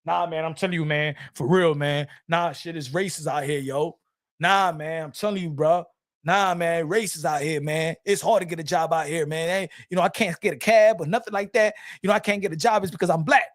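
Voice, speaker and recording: A man on the high side of the pitch range speaks fairly quickly as host of a boxing talk show, delivering a heated, casual rant that repeats itself and is thick with swearing.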